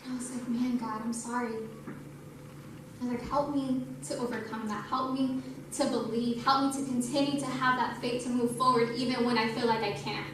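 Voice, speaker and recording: A woman's voice: fairly high pitch, fairly even intonation, normal speed. A young woman giving an earnest sermon testimony at a youth night, telling her story and saying "like" a lot. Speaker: youth speaker. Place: church hall. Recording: echoey church hall, mic from a distance, faint noise.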